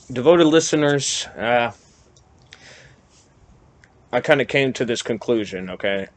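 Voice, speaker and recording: A man hosting his own podcast, rambling through a casual solo monologue with self-deprecating asides. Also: on the low side. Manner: rambling, self-deprecating, animated when riled up. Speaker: podcast host.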